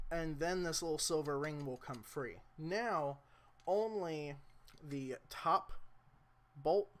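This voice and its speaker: A young man casually explaining a motorcycle repair in a rambling, self-deprecating way, talking to the camera mic as he works. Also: on the high side. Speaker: motorcycle vlogger. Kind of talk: casual how-to vlog.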